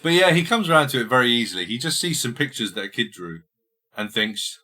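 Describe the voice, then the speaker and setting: A man's voice: lowish voice, expressive, brisk, sharp tone. A man hosting a casual film podcast, rambling with stammered restarts and crude jokes. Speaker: podcast host.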